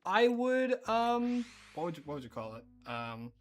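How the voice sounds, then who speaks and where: Excitable Australian streamer, lively pitch. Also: a little slow. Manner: chatty and rambling, bursts into excited disbelief. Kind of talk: casual live-stream chat while gaming.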